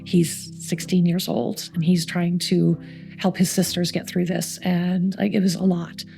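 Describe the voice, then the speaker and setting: Middle-aged Canadian woman, gravelly and mellow, youth centre coordinator, lively anecdotes with quoted voices. Faint guitar underneath. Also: lowish voice, unhurried. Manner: warm anecdotal storytelling, acts out quoted voices. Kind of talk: storytelling interview.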